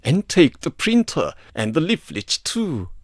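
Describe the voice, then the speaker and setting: A man voicing a calm, quick-witted young woman, speaking in a raised, gentle tone in a dry recording. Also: sits high, dry recording, pitched above the performer's own voice, exaggerated voice. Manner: feigning sleepy politeness.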